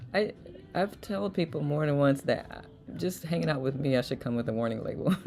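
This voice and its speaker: A woman's voice: low-pitched, creaky, dark tone. A woman hosting a live online chat, reading viewers' messages aloud and laughing often. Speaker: host.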